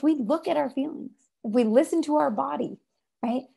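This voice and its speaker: A woman giving an inspirational talk over a video call, animated and emphatic. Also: sits high, a little fast, vocal fry. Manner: animated and emphatic, acts out voices. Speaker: presenter.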